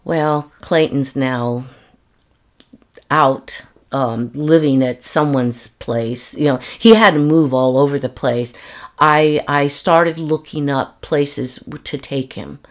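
An older woman telling her personal story in an interview, earnest and halting, often restarting her sentences. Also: rumbling low.

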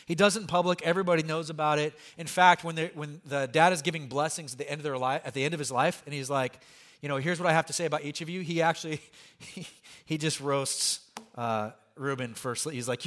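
A man preaches as a pastor, talking through his sermon in an animated, conversational way. His voice sits somewhat high for a man. He drops in light jokes and asides to the congregation. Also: fast.

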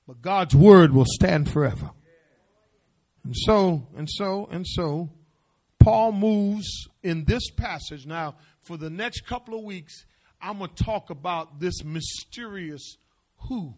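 A middle-aged male pastor preaching a sermon, repeating phrases and swinging from hushed asides to shouted declarations. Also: high voice, animated, slow pace, pauses often.

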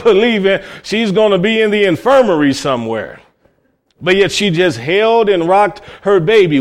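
A man from Cleveland, Ohio, preaching a sermon with folksy stories, swinging between loud cries and low murmurs. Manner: folksy storytelling.

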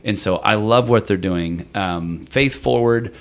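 A man in his forties talks as a podcast guest, his voice sitting fairly low. He tells stories in a loose, chatty way, often starting a sentence over before he finishes it. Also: a little slow. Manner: chatty, animated storytelling with many restarts. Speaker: interview guest. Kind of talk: casual conversation.

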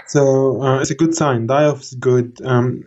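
A man in his thirties, co-hosting a podcast, telling a story in a casual, animated way with laughter. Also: mid-range voice, measured pace, dull audio. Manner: animated, laughing, acts out quoted voices. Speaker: podcast co-host.

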